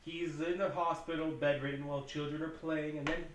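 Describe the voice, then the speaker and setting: A man's voice: fairly high pitch, little pitch movement, fairly quick, slight background noise. A man on a podcast recapping a movie in casual chat, swearing constantly and acting out what the characters say. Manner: profane, rambling retelling with acted-out quotes. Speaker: podcast co-host. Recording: echoey room, mic at a distance.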